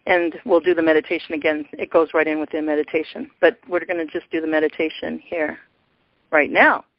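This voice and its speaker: A woman's voice: low-pitched, steady tone, fairly quick, no room sound. A woman hosting a spiritual call-in show and guiding listeners, talking in an effusive way with laughs and exclamations. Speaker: host. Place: teleconference call. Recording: dull lo-fi call recording.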